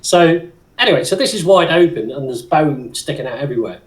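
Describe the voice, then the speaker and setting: A man's voice: fairly high pitch, expressive, fairly quick. A man in his fifties, chatting casually and telling rambling stories that he laughs through. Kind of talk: casual chat.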